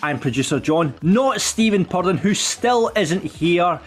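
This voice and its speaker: A man's voice: high voice, lively intonation, a little slow, faint music behind. A man hosting a podcast, teasing his guests with jokey introductions. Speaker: podcast producer and stand-in host.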